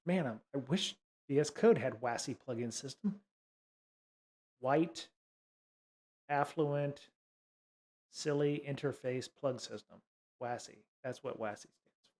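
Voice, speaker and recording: A man's voice: medium pitch, a little mellow. Rambling sarcastic man streaming a coding lesson. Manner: rambling, sarcastic asides, many fillers. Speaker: livestream host teaching coding. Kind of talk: casual livestream tutorial.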